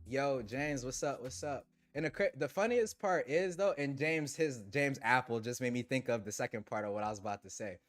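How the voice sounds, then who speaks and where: A man hosting a tech livestream, chatting casually with viewers in relaxed slang and laughing often. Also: medium pitch, a little fast, few pauses. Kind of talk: casual livestream chat reading super chats.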